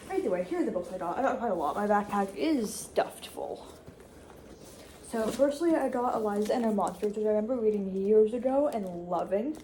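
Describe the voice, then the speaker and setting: Young adult woman, casual dorm-room vlogger, chatty and rambling, mid pitch, faint noise under. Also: mellow. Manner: chatty, with restarts and quick asides. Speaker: college student vlogger. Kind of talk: casual vlog chat.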